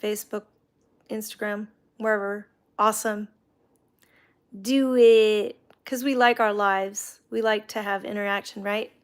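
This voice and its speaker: A woman's voice: mid-range voice, fairly even intonation, measured pace, clear, resonant tone. A middle-aged woman hosting a casual livestream chat, reading viewer comments aloud and talking about her faith. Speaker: livestream host.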